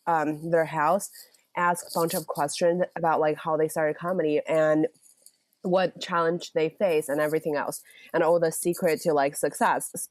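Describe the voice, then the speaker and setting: A woman from China, answering as a guest author in a casual interview, slightly hoarse from a cold and chatty with many fillers. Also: low voice, no room sound.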